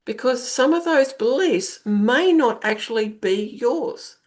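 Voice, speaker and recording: A woman's voice: on the high side, lively intonation, slow. A middle-aged woman hosting a podcast, talking through self-help ideas in a conversational coaching manner and repeating phrases for emphasis. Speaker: podcast host and intuitive coach. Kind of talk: spoken self-help monologue.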